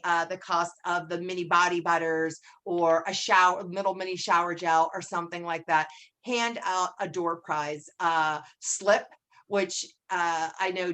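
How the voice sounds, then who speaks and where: Chatty woman coaching a sales team. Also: lowish voice. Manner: chatty, acts out sample lines in a brighter voice. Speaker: direct sales team trainer. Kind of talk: casual training talk.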